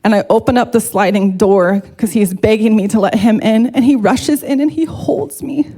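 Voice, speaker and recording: A woman's voice: fairly high pitch, moderate pace, mellow. A woman giving a heartfelt, emotional personal testimony to a church congregation, speaking openly and earnestly.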